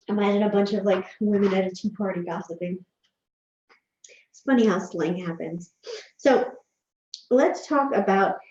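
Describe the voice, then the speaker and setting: A woman talks through self-care tips in a relaxed, chatty vlog, gentle and reassuring, with a mid-range voice. The sound is roomy and a little dull, as from a quiet home room with a desk mic. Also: mid-range voice. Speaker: vlogger giving self-care advice. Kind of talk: casual advice vlog. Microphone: desk microphone.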